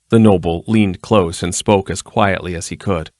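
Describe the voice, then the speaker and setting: Lower voiced guy reading a fantasy book, even and steady, dry. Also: moderate pace, few pauses, dry recording. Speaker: audiobook narrator. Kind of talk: scripted narration.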